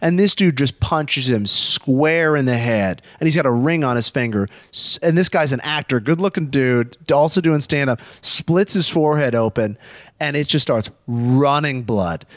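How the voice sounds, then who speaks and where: A man's voice: mid-range voice, moderate pace, no echo, clean studio sound. Man telling a rowdy party story. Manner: profane, animated, acts out shouting voices. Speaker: podcast storyteller. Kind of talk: casual storytelling chat.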